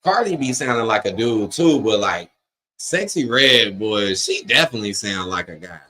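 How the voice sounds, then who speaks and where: Hosting a live wrestling watch-along stream, a man with a lowish, pushed, bright voice reacts to the broadcast and reads viewer comments at a moderate pace with lively intonation. He's slangy, blunt, and opinionated, talking straight to chat over slight background noise.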